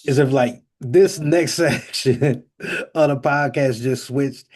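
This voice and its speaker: A man hosting a podcast in casual chat, telling stories in an animated way and joking dramatically. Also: medium pitch, slow. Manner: animated storyteller, jokes dramatically. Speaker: podcast host.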